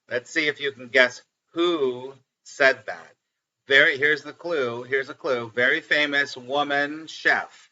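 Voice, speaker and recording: Middle-aged guy chatting live to his viewers, very bright voice, muffled lo-fi audio. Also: mid-range voice, unhurried. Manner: animated and chatty, often laughing and repeating lines. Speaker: spiritual teacher hosting a live stream. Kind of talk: casual live-stream chat.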